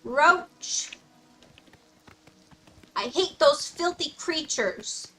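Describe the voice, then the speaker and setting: A woman's voice: sits high, expressive, drawn-out words, bright, forceful tone, a little hiss or hum, poor audio. A young woman streaming a game, chatting casually and playfully, laughing often and dropping mock-old-fashioned asides. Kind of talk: casual gameplay commentary.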